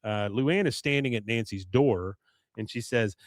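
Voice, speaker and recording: Male podcast host, mid-range pitch, dry close-mic sound, voice wearing thin, loose animated recap delivery. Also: a little slow, no room sound. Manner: animated storytelling, frequent "uh" and "you see". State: voice going hoarse. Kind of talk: casual episode recap.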